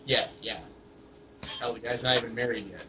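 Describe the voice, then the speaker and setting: A man's voice: medium pitch, sharp tone. Rambling young man, lo-fi recording. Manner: rambling, halting with many fillers and restarts. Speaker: co-host of a wrestling blog. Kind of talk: casual chat about wrestling. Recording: dull lo-fi home recording with faint hiss.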